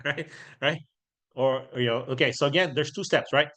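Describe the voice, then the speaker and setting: A man's voice: mid-range voice, moderate pace, pushed and bright. A middle-aged man teaching a workshop, talking casually and often checking in with "right?" while he acts out sample doorstep lines. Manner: conversational, keeps checking in with "right?". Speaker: real estate trainer.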